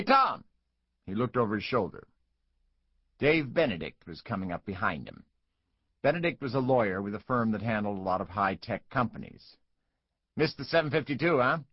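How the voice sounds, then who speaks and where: A man narrating an audiobook in an expressive, measured way, close to the mic. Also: fairly low pitch, breathy edge, dry recording, dull audio. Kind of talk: scripted narration.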